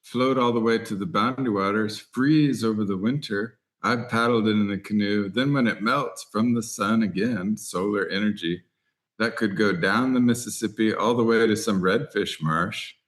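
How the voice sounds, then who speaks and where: Lively storytelling man, low voice. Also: normal speed. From Texas. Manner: animated anecdotes, voices other people in quotes. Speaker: podcast guest, writer and angler. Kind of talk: storytelling interview chat.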